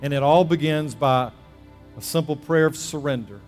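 A man preaching a sermon as a pastor, alternating between loud emphasis and soft, hushed prayerful passages. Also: fairly high pitch, moderate pace, in a large hall, soft background music. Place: church sanctuary.

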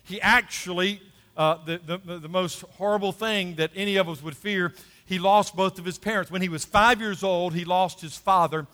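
Man pastor preaching, high voice, keeps repeating his lines and asking amen, long church echo. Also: fairly even intonation, moderate pace, sharp tone. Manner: emphatic, repeats key phrases, asks the congregation for responses. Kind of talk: sermon.

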